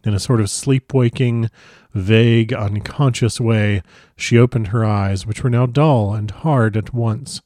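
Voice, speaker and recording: Male audiobook narrator, measured, expressive, lowish pitch, dry close mic. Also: dry recording. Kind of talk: audiobook narration of a classic novel.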